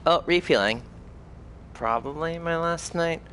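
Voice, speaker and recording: A man's voice: on the high side, unhurried, a bit bright, a little hiss or hum. A tipsy man streaming a game, rambling goofily and making silly noises. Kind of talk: live let's play commentary.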